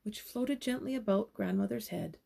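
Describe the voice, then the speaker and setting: A young woman reads a children's novel aloud, stopping now and then for casual asides. Her voice is strongly gravelly and a bit husky, with a dark, mellow tone. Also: medium pitch, normal speed. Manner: casual asides between passages. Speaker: storyteller.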